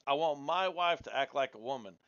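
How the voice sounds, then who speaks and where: A man's voice: mid-range voice, animated, brisk, fairly bright tone. A man in a heated casual debate, blunt and combative, talking over the others. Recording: dull lo-fi audio.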